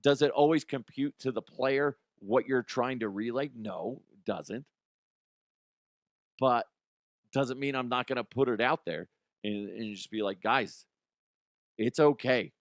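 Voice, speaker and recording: A man's voice: medium pitch, unhurried, no echo. A middle-aged man hosting a casual podcast monologue. He talks bluntly, swears freely and acts out quotes in a raised voice. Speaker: podcast host and youth coach.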